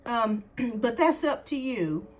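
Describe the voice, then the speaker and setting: A woman's voice: a little high, expressive, slow pace. A woman hosting a live tarot stream, out of breath and chatting casually while she greets viewers by name.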